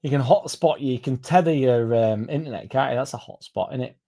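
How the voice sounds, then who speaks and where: A man's voice: mid-range voice, brisk, gravelly, warm tone. A young man hosting a casual livestream, reading out comments and going off on sweary, rambling tangents. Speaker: fan channel livestream host.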